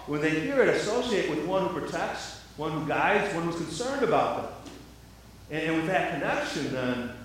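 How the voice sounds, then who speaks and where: A man's voice: a little high, slight background noise. A man preaching a sermon as pastor, often repeating words and asking the listeners rhetorical questions. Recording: very echoey hall, mic at a distance.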